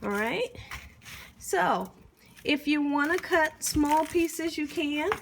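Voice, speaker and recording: The recording is very noisy as this cooking show host, high-voiced and animated with some vocal fry, takes things slowly in her kitchen demo. She keeps it chatty and encouraging, frequently asking viewers "you hear me?"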